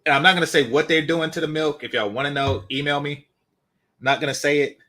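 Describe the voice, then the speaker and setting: A man's voice: a little high, fairly even intonation, fast talker, sharp tone. A man hosting a dating commentary channel, talking casually with blunt, dismissive swearing.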